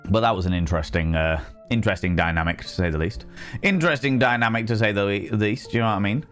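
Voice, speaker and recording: A man's voice: lowish voice, quick pace, a bit bright, faint music behind. Chatty, playful man streaming. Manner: chatty and playful, teasing greetings to chat. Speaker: game streamer. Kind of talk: casual live-stream chat.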